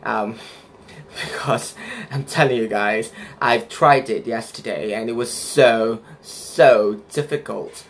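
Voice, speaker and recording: A man's voice: medium pitch, slow pace. A man playing a vain young woman who speaks Malaysian English with a put-on British accent, affected and self-important, in a comic character monologue. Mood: pretentious. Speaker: comedy sketch performer.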